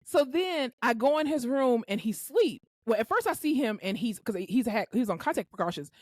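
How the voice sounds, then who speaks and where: Animated high-voiced woman telling a story. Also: brisk, no room sound. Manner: animated, acts out quotes with loud swearing. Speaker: podcast co-host. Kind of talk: casual storytelling chat.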